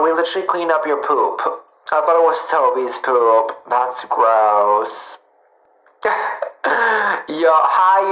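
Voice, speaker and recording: A man's voice: fairly high pitch, a bit bright. A man livestreaming from home on his phone, chatting casually and greeting viewers by name in a playful, chatty way. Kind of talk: casual livestream chat reading comments. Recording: roomy echo.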